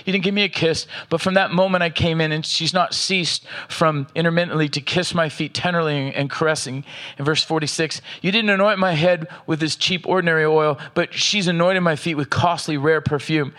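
A man preaching a sermon, reading scripture aloud with slow emphasis and checking in with the congregation. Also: a little high, fairly even intonation, pushed and bright. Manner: asks the audience "are you with me", reads scripture aloud with slow emphasis. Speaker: pastor.

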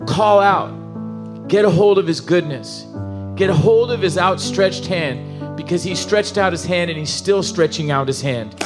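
A high-voiced man preaches with feeling, chatty and animated, often restarting his sentences. Steady guitar music plays clearly behind him. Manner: animated, emotional, conversational preaching with asides and restarts. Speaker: pastor. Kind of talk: sermon.

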